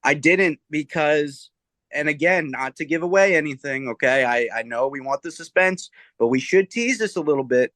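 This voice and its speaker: A man's voice: on the high side, normal speed, fairly bright tone, no echo. A man co-hosting a casual podcast, bantering playfully and with mock authority. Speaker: podcast co-host. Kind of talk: casual chat.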